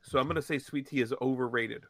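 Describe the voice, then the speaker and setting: Pa guy on a podcast, bright punchy voice, blunt and jokey. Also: medium pitch, fast talker, no echo. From Pennsylvania. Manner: blunt, joking, swears. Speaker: podcast co-host. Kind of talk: casual chat.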